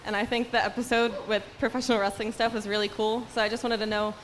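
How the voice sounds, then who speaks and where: A woman in the audience asking the panel a quick, eager question. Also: a little high, flat delivery, slight background noise.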